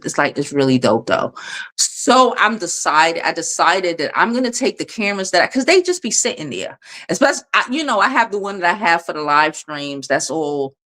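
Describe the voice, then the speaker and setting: Animated, foul-mouthed woman livestreaming. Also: low voice. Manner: blunt, profane, animated. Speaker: livestream host. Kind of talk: casual livestream chat, reading viewer comments. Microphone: phone.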